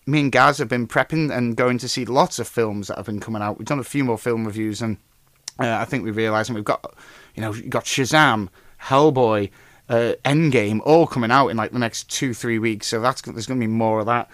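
A man hosting a podcast in casual chat, rambling through news and stories, swearing freely and getting loud and animated when telling an anecdote. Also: medium pitch, fairly quick, no room sound. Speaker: podcast host.

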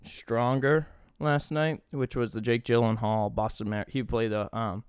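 A young man co-hosting a casual podcast, talking with loose enthusiasm and swearing freely. His voice is smooth and clear, recorded dry and close. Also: medium pitch, level tone, a little slow, no room sound. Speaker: podcast co-host. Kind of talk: casual chat.

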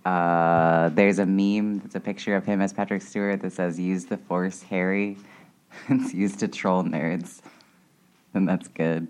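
A woman's voice: a bass voice, fairly even intonation, unhurried, a little mellow. A woman co-hosting a podcast in casual chat, laid-back and often trailing off. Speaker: podcast co-host.

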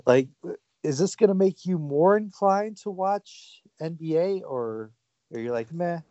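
Dry-sounding, halting podcast host man. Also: on the high side, lively intonation, dark tone, no room sound, dull audio. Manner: halting, many fillers and restarts. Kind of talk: casual sports chat.

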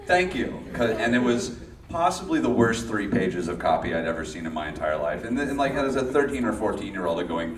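A man's voice: on the low side, big pitch swings, a little fast, echoey room, far from the mic, a crowd in the background. A man from Los Angeles telling a story to a live audience, often restarting sentences and laughing. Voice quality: rambling, self-interrupting, laughs often. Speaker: guest, former child actor.

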